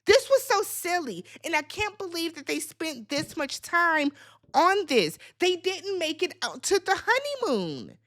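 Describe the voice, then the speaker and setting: Woman vlogger, high and animated, blunt and profane, speaks straight to the cast. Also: unhurried. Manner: talks straight to the people on the show. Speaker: reality TV recap vlogger. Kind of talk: opinionated show recap.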